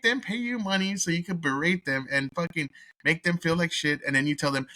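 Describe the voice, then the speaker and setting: A man's voice: a little high, lively intonation, unhurried, pushed and bright, no echo. A man from Texas reviews a film in a casual, profane rant, blunt and mocking. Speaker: movie reviewer host.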